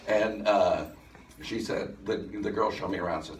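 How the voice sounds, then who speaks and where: Deep-voiced man telling stories to a room. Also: measured pace, slight background noise. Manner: animated, laughs as he tells the story. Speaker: workshop presenter. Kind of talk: storytelling talk to a live audience. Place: event room at a center. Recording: echoey room, mic some distance off.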